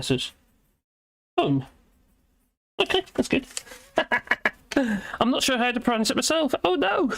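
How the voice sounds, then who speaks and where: A British livestream host chatting in a rambling way, reading viewer comments aloud and laughing often. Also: mid-range voice. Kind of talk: rambling live chat.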